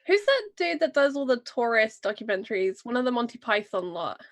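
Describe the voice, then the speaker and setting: A woman's voice: on the high side, very animated, a little fast, dry recording. A woman chatting casually before a tabletop game, talkative and giggly. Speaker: player.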